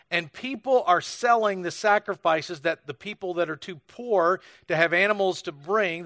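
A man's voice: high-pitched, a bit bright, no room sound. An American man preaching a sermon, telling stories in a conversational way with frequent restarts. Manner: storytelling, conversational with many restarts. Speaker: pastor.

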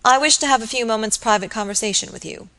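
A woman voicing a grave, earnest young male barrister, speaking in a formal, measured way. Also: a little high, sharp tone, pitched above the performer's own voice.

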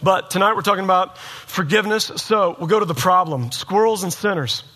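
A man's voice: high-pitched, brisk, sharp tone. A man preaching a sermon in a casual, storytelling way, acting out the voices of people in his story. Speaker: pastor.

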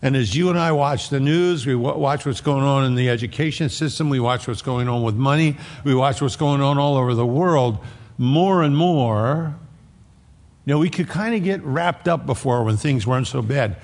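Speaking at a normal pace in a medium-pitched voice, a pastor delivers a sermon in a conversational style. He imitates the voices of those he quotes, and a long hall reverb fills the recording.

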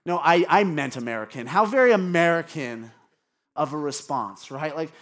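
Male pastor, high register, casual candid sermon delivery with self-deprecating asides. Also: lively intonation, moderate pace, a bit bright. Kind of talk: conversational sermon. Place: church congregation.

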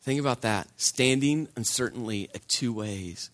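A man's voice: medium pitch, unhurried, a bit bright. A man preaching a sermon, telling a personal story in a conversational way and repeating phrases for emphasis.

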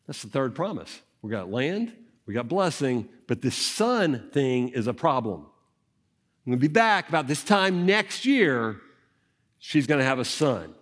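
A man preaching a conversational sermon, animated and full of rhetorical questions. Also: medium pitch, measured pace.

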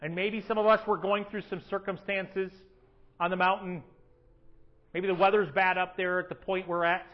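A man with a high, light voice preaches a sermon from the front of a church. He is animated and acts out people's prayers in a raised voice. The sound is a little dull and lo-fi. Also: moderate pace. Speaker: pastor. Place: church sanctuary.

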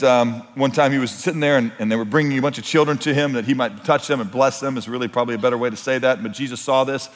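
A man preaching a sermon as pastor, earnest and emphatic. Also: medium pitch. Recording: long hall reverb.

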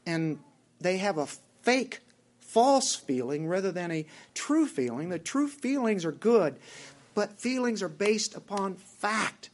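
A man's voice: high voice, very animated, slow. A man with a Southern US accent who preaches a sermon as pastor, asking his congregation direct questions.

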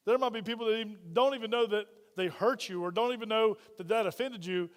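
A man's voice: sits high, quick pace. A man preaching a conversational sermon as pastor, often putting questions to the congregation. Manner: asks the congregation frequent questions. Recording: long reverb of a church hall.

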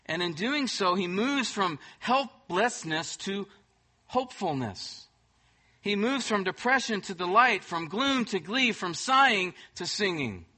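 A man preaching a sermon as pastor, emphatic, swinging between loud bursts and soft, hushed moments. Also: high-pitched, animated, unhurried, slightly rough.

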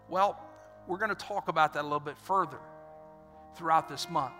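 A man preaching a sermon as pastor, energetic and animated, acting out little scenes. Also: fairly high pitch, brisk, pauses often. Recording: reverberant hall with faint music.

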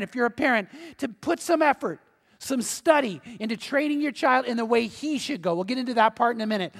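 Middle-aged guy preaching, pretty high voice, talks like he's telling a story, big hall echo. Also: a bit bright. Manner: conversational storytelling preacher, acts out quoted voices. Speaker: pastor. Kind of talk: sermon. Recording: long reverb of a large hall.

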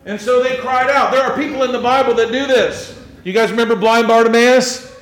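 A man preaching a sermon as pastor, earnest and restarting often, swinging between hushed and loud. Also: very high-pitched, steady tone, a little fast, echoey room.

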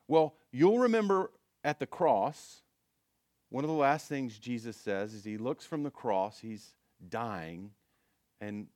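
A man's voice: medium pitch, a little mellow, no echo, studio quality. A man pastor giving a conversational sermon, with frequent restarts and fillers.

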